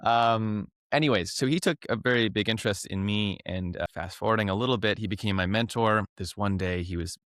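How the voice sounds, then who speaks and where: A man's voice: lowish voice, fairly quick, few pauses, a bit bright, no echo, clean studio sound. A man, a professional clown and teacher, telling a rambling story in a casual interview, laughing often and restarting his sentences.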